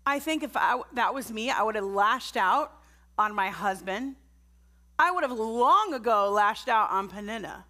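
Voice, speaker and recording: A woman's voice: fairly high pitch, animated, a little slow, pushed and bright. A middle-aged woman preaching a sermon at a church service, earnest and conversational, putting direct questions to the congregation.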